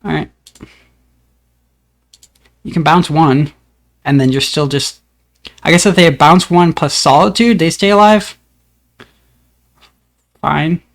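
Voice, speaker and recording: A man with a slightly high, gravelly voice gives casual commentary on his card game. He thinks aloud about each move in a relaxed, upbeat way. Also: slow, pauses often.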